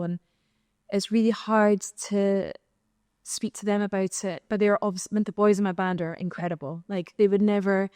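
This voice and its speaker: A woman's voice: medium pitch, warm tone, smooth, no echo, studio quality. A young Scottish woman, a singer, telling stories candidly in a live panel conversation, acting out the exchanges she quotes. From Scotland. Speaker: singer and guest. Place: live podcast recording in an arts venue.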